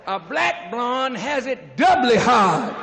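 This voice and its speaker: High-pitched preaching man in a hall. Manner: preaching, rising to shouts, drawn-out emphasis. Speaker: minister addressing students. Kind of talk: impassioned lecture speech. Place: university auditorium. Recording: archival recording with long hall reverb.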